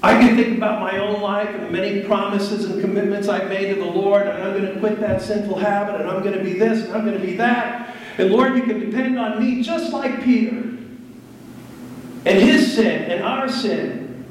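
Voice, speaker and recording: Preacher in an echoey church. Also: male voice, high voice, fairly even intonation, brisk, slight background noise. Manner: preaching with rising intensity, repetition. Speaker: pastor. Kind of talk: sermon. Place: church sanctuary. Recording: echoey room from far off.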